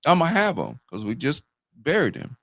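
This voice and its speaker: A man's voice: fairly high pitch, sing-song, brisk, a bit bright, dry recording, studio quality. A man in his fifties telling candid stories in casual talk as a show host. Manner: storytelling, candid and profane. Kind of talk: casual chat.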